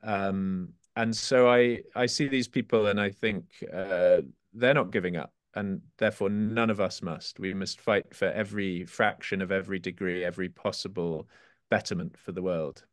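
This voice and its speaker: A low-voiced man talks haltingly in an interview, restarting his phrases often. He reads poetry slowly and carefully. The recording is dry and close. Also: fairly even intonation, no room sound. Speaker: author guest.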